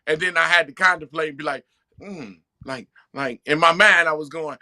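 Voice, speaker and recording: A man's voice: on the high side, normal speed, sharp tone. A man on a talk show casually telling a joking story, rambling through his thoughts. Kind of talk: casual chat.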